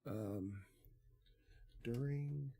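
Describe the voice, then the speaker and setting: A man streaming from home talks into a desk mic in a dark, mellow voice with a gravelly edge. He speaks slowly and mutters to himself, letting phrases trail off as he works through settings. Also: medium pitch. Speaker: livestreamer. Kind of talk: casual live-stream chat. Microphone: desk mic on an arm.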